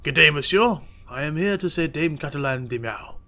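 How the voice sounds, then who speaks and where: A man's voice: fairly high pitch, lively intonation, moderate pace, pushed and bright. A man voicing a confident, courteous male lawyer in a video game, speaking formally. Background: game music.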